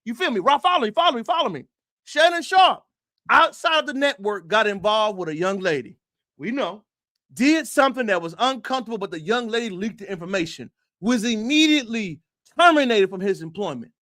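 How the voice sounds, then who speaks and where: A high-pitched man hosts an opinionated livestream, talking straight to his viewers. He hammers points with rhetorical questions and repeated phrases and sometimes breaks into a shout. The sound is dry and close, with no room echo. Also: expressive, a little fast. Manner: emphatic, rhetorical questions, addresses viewers directly. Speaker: livestream host.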